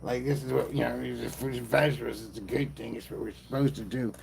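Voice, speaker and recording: A man's voice: mid-range voice, fairly even intonation, fast, creaky, a little hiss or hum. A man doing a crude, sulky farmer. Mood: sulking. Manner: profane, defensive, street slang. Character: angry resentful young farmer man, crude.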